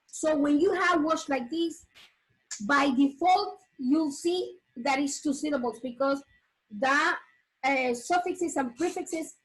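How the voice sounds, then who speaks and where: High-voiced woman teaching phonics. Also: low-quality recording. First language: Spanish. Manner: repeats words slowly, with many restarts and checks of okay. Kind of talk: English phonics lesson.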